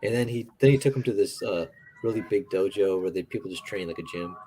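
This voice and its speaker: A man's voice: deep voice, fast, mellow. Man, casual storytelling, rambling, lots of fillers, laughs, faint background noise.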